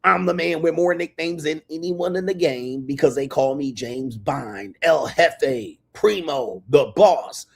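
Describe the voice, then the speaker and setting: A man's voice: a little high, creaky, a little mellow, breathy edge. An American man hosting a live stream from a hotel room, bragging and hyping himself with a long run of titles. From United States. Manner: brash, swaggering self-hype with drawn-out titles. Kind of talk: boastful casual stream talk. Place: hotel room near an airport.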